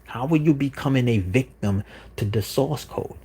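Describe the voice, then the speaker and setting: A man's voice: medium pitch, moderate pace, dark tone, slight background noise. A man hosting a livestream, delivering an insistent, repetitive monologue with frequent "you know what I'm saying.". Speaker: livestream host.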